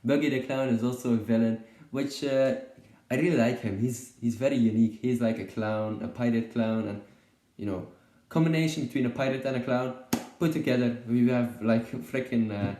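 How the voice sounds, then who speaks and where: A man's voice: mid-range voice, moderate pace, mellow, reverberant. A man giving a casual unscripted video review, rambling and hesitant, with many fillers and restarts. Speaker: YouTube reviewer.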